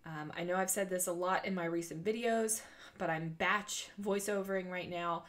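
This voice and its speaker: A scrapbooking video host in her forties narrates a casual crafting voice-over in a fairly low, somewhat bright voice at normal speed. She sounds congested and breathes through her mouth, rambling chattily with lots of ums.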